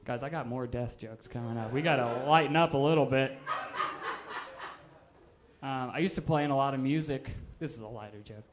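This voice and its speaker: A man in his twenties doing a stand-up set, with an offhand, deadpan delivery full of "um"s. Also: mid-range voice, normal speed, pauses often, background noise. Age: 20s. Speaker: stand-up comedian. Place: live comedy stage.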